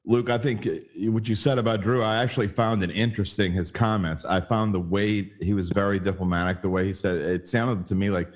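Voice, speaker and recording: A man's voice: on the low side, steady tone, fairly quick, hardly any pauses. A man hosting a sports podcast, chatting casually and rambling a little as he talks through the game. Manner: conversational, rambling with restarts. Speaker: podcast host.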